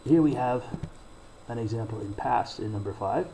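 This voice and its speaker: Mellow-voiced man teaching English grammar. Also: mid-range voice, slight background noise, rough recording. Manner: slow, deliberate explaining with read-out examples. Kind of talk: recorded grammar lesson.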